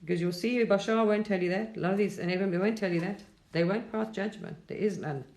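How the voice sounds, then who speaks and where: A woman's voice: medium pitch, fast talker, a little mellow, reverberant. A middle-aged woman from England, chatting casually and reflectively on a live stream, rambling and laughing often.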